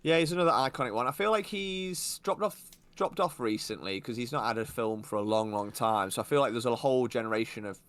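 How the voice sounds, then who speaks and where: A man co-hosting a podcast, giving his opinions in a relaxed way with casual swearing. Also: medium pitch, a little fast, hardly any pauses. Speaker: podcast co-host. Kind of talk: casual chat.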